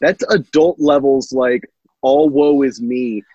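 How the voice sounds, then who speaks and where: A man's voice: mid-range voice, slow, dark tone, slightly rough, no echo, highs cut off. A man co-hosting a podcast, ranting in disbelief with casual swearing. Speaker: podcast co-host. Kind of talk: casual chat about a film.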